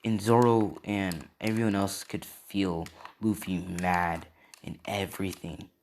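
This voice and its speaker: A man with a low voice tells an improvised fan story in a loose, casual way. He talks slowly and leans on fillers and tag questions as he goes. The delivery stays relaxed and meandering throughout. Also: slight background noise. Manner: rambling, many "and yeah" and "right?" fillers.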